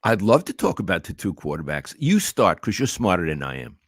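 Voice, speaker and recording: An older man with a Brooklyn accent co-hosting a sports talk show, deliberate and wry. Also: sits low, huge pitch swings, dry recording, clean studio sound. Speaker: podcast co-host.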